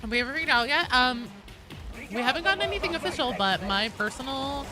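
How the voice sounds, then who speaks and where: A chatty gaming streamer talking to chat in a deliberately raised voice that swings animatedly up and down. Music plays clearly underneath. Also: expressive. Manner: chatty, reads and answers chat; talks in a raised pitch on purpose to avoid vocal fry. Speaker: gaming livestream host. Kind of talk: casual live-stream chat while gaming.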